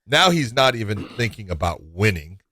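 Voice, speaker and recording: A man co-hosting a sports podcast in casual chat, telling animated stories and laughing at himself. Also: lowish voice, moderate pace, no room sound, clean studio sound. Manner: animated storyteller, acts out quotes. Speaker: podcast co-host.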